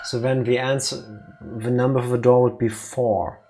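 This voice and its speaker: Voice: medium pitch, flat delivery, moderate pace. A let's play co-host, chatting casually with a dry, sarcastic edge. Faint music runs under the talk. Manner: joking, sarcastic. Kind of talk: casual chat.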